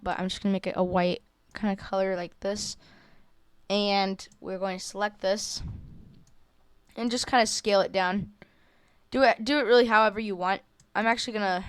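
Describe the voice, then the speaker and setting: A woman walking through a software drawing tutorial in a casual, hesitant way, with many fillers and self-corrections. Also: mid-range voice, clean tone, no room sound. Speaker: tutorial creator. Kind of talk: screen-recorded software tutorial.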